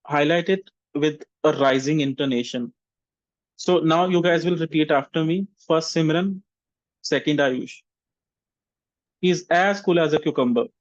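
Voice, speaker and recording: A man teaches an online English vocabulary class, sounding out example sentences slowly so students can copy his intonation. His voice sits a little high for a man. The sound is dry and a bit dull. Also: no room sound. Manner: slow, deliberate modeling of intonation.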